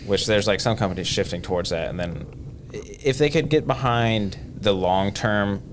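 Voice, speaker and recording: A man's voice: fairly low pitch, moderate pace. A man, a gym owner and trainer, chatting bluntly and emphatically as a podcast guest. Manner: blunt, emphatic, speaks from experience. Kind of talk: casual podcast chat. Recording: noticeable background noise.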